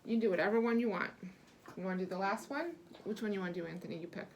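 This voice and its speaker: A woman's voice: medium pitch, racing, a little mellow, lo-fi sound, a little hiss or hum. A woman reading teacher leading a small-group lesson, encouraging and lavish with praise, asking patient questions and explaining step by step.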